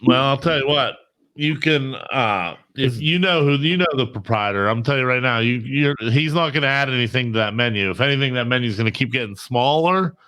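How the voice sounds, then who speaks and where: Man, bright tone, casual podcast chat, rambling, lots of fillers. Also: mid-range voice, fairly quick. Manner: rambling, filler-heavy storytelling. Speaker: podcast host.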